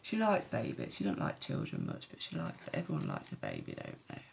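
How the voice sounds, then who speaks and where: A woman's voice: extremely low pitch, huge pitch swings, brisk, gravelly, a little hiss or hum. A woman, telling a personal story candidly and bluntly, with rambling asides and frequent swearing. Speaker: vlogger.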